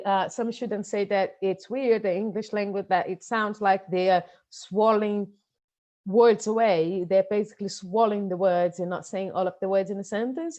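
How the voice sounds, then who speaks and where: A woman with a Brazilian Portuguese accent gives a lesson for English teachers. She explains things patiently and slows down to model words for learners, and her mid-pitched voice comes through slightly dull, lo-fi audio. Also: mellow. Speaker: pronunciation teacher.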